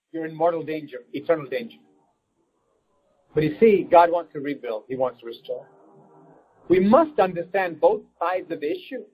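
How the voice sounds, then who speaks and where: A man's voice: sits high, a little mellow, slightly rough, poor audio. A man preaching a fervent sermon as pastor, breaking into prayer addressed to God.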